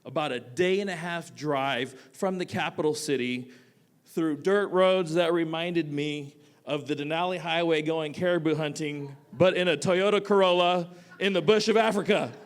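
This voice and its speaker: A man, a teacher, telling a personal story live on a theatre stage, animated and casual, swinging between loud bursts and quiet asides. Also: on the high side, normal speed. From United States. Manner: casual, with frequent "like" fillers.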